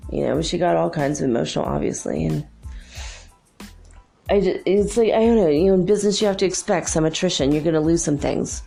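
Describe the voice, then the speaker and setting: A woman's voice: low voice, fairly quick, vocal fry, warm tone, faint music behind. A middle-aged woman hosting her show, telling a story in a chatty, exasperated way with lots of fillers. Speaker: host. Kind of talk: casual monologue to listeners.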